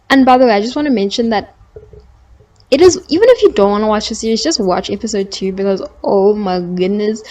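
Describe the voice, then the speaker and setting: A young adult woman chatting casually in a review vlog, gushing with bursts of excited emphasis. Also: medium pitch. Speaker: TV series reviewer.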